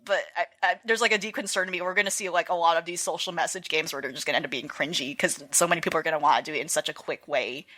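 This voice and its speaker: A woman's voice: low-pitched, steady tone, very fast, hardly any pauses, bright, forceful tone. A woman co-hosting a game podcast in casual chat, rambling with many fillers and restarts. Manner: rambling, lots of fillers and restarts, laughs often. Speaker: podcast co-host.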